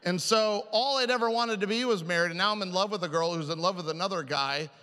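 Male preacher, comic storyteller, fairly high bright voice, hall echo. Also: clean tone. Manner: animated, self-mocking, quick shifts into quoted voices. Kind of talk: humorous sermon storytelling. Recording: hall reverb.

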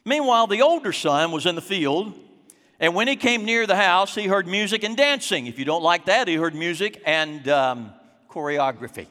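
Animated, high-voiced male preacher. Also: big-room sound. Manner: dramatic, acting out scenes, slowing for emphasis. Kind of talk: sermon.

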